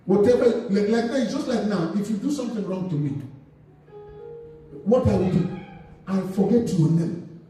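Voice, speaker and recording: A high, mellow-toned man preaches a sermon and keeps asking his congregation to complete his sentences. He sounds distant from the mic, his voice ringing through a very echoey church hall, with faint music underneath. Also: normal speed, pauses often. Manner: call-and-response preaching, asks the congregation to finish his sentences. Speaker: pastor. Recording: echoey hall recorded from far off.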